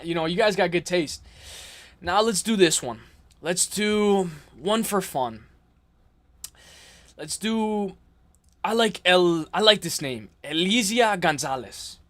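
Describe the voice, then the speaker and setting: A young man from the New York area hosting a late-night livestream. He rambles casually, answers chat messages and laughs often. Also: high voice. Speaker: livestream host.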